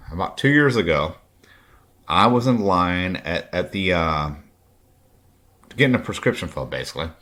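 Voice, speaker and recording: Deep-voiced, blunt, profane man in his late 40s. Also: a bit bright. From Kentucky, US. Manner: blunt, heavily profane, raw. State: drinking. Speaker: podcast host. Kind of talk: personal storytelling podcast monologue.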